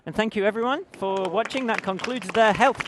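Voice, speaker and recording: A woman moderator wrapping up a panel in a brisk way, heard from away from the mic. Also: mid-range voice, heavy background noise. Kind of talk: closing remarks.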